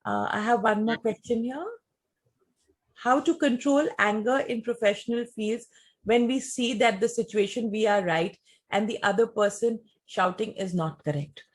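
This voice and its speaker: A woman gives a talk and answers audience questions in a measured, explanatory way, often using rhetorical questions. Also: on the high side.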